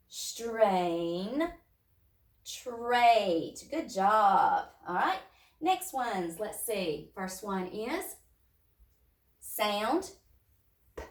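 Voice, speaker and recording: A woman's voice: mid-range voice, far from the mic. A woman teacher leading young children through a phonics lesson, sounding out words step by step. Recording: echoey room, voice off-mic.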